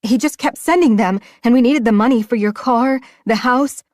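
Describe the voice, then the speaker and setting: A woman's voice: on the high side, moderate pace, a little mellow, dry recording, studio quality, voice pushed up, natural voice. A woman doing a desperate, pleading mother. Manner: pleading, strained.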